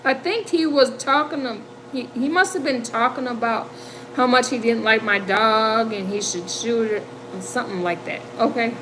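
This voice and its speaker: A woman's voice: a little high, moderate pace, background noise. A woman in her fifties from the American Midwest, chatting with viewers on her livestream; emotional and chatty, laughing often and repeating words. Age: 50s. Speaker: livestream host. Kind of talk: casual livestream chat with viewers.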